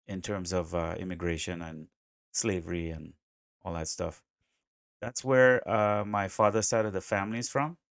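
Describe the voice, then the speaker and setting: A man with an American accent giving casual, chatty reaction commentary, excitable and quick to laugh, with plenty of fillers. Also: low voice, dry recording, studio quality. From USA, South America and the Caribbean. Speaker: reaction video host.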